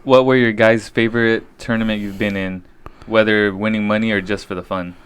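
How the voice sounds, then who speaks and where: A young man co-hosting a podcast, laid-back and quick to laugh, calling his friend "dude" and "dog.". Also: lowish voice, flat delivery, a bit bright, clear, resonant tone. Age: young adult. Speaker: podcast co-host. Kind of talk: casual chat.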